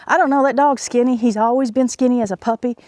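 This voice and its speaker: A homesteader vlogger from Oklahoma chats casually outdoors on her farm while doing chores, a bit winded and rambling with lots of fillers. Her voice is slightly high and darkish, with fairly even intonation and a quick pace.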